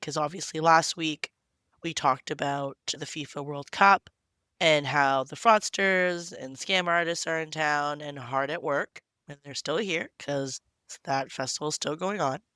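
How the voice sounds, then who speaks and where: Husky-voiced woman with a cold. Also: sharp tone, dry recording, studio quality. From Canada. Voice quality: deep husky voice. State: hoarse from a cold. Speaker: podcast co-host. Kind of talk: casual podcast chat. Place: temporary room at home with fans running.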